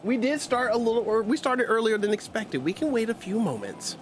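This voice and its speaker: Lively high-voiced man hosting a game stream. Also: brisk, soft background music. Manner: animated, laughs often, talks while munching. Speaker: streamer host. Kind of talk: casual livestream gameplay chat. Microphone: streaming mic.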